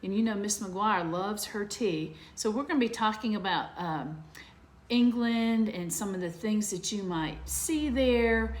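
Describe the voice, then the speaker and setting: A woman teaching young children, gentle and sing-song, often asking them questions. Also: mid-range voice, measured pace.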